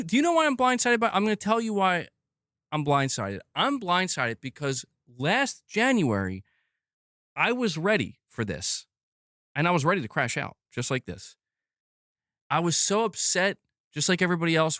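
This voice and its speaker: A man's voice: a little high, sing-song, moderate pace, a bit bright, no echo, studio quality. Furious profane gaming streamer man. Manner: angry, profane, repetitive outbursts. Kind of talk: live stream rant.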